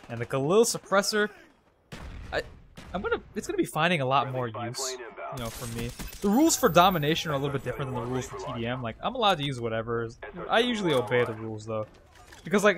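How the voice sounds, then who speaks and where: A man giving casual, jokey, rambling commentary over his own gameplay. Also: medium pitch. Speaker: gaming commentator.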